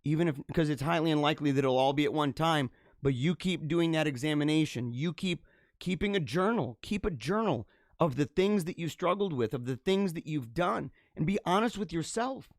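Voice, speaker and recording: Male host, fervent preachy delivery with big loud-soft swings, somewhat high voice. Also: animated, fairly quick, no room sound, clean studio sound. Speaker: host of a live religious show. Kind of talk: impassioned live-stream monologue.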